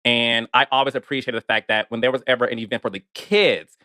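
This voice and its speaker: A man hosting an interview talks quickly, with a bright, forward tone. He is candid and openly emotional. His voice is recorded dry and close. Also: medium pitch, steady tone, no room sound. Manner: warm-hearted, candid, emotional. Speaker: interviewer, producer. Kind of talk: interview chat.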